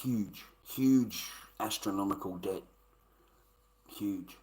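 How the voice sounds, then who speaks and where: A man's voice: low voice, takes it slowly, low-quality recording. An Australian man talking casually to his live-stream audience, coarse and emphatic, swearing often.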